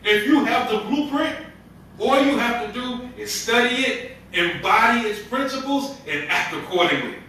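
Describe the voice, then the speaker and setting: Man, imam, storytelling sermon, high voice, very bright tone, echoey hall, heard from a distance. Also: animated, moderate pace, a little hiss or hum. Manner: storytelling, conversational with street slang. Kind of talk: Ramadan sermon.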